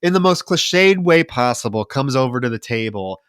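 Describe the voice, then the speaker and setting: A man's voice: medium pitch, animated, moderate pace, fairly bright tone, clean tone, no echo, clean studio sound. A man co-hosting a podcast, griping about a film in casual, profane chat and mocking its scenes. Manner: exasperated, profane, mocking retellings. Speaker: podcast co-host. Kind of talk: casual movie-review chat.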